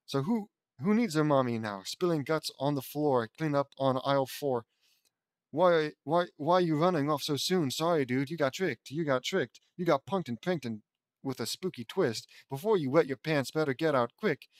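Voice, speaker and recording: A man voicing a teenage rocker girl who recites a spooky Halloween song in a slow sing-song. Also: on the high side, expressive, dry recording, lightly acted.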